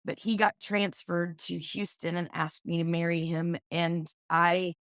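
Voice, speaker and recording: A middle-aged woman from Oklahoma, a business owner guest, chatting casually and telling lively stories. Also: fairly low pitch, a little slow, dry recording, clean studio sound. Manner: lively storyteller, animated in quoted speech. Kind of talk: casual interview chat.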